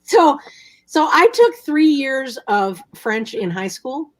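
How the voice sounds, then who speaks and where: Expressive older woman, lively rising and falling pitch. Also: takes it slowly. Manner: expressive, laughs often, jokes about herself. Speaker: co-host. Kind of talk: casual live-stream chat.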